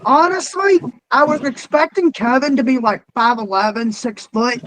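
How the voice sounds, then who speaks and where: A man interviewing a guest, telling animated, profane stories with shouted punchlines. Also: extremely high pitch, moderate pace, a little hiss or hum, poor audio. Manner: profane, animated, loud storytelling. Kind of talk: casual storytelling.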